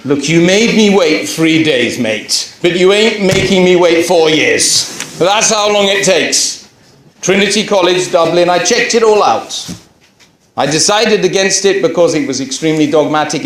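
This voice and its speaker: A middle-aged man telling a personal story to an audience, acting out what others said and dropping into quiet asides. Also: a little high, moderate pace, slight background noise. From England. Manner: animated storyteller, acts out quoted voices, drops to quiet asides. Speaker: speaker telling his conversion story. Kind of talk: storytelling talk to a campus audience. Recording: echoey hall.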